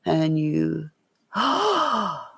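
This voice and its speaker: A woman's voice: sits low, big pitch swings, extremely slow, gravelly, a bit bright, husky, dry recording. A woman rambling and swearing in a casual livestream chat with her viewers, laughing often.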